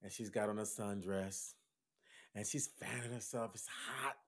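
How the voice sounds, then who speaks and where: A man co-hosting a podcast, telling a story theatrically, switching between loud bursts and hushed asides. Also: lowish voice, fairly even intonation, measured pace. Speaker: podcast co-host.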